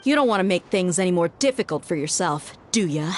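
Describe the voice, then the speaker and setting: A woman voicing a young female ally in a game, gentle and coaxing. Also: on the low side, expressive, brisk, faint music behind, natural voice.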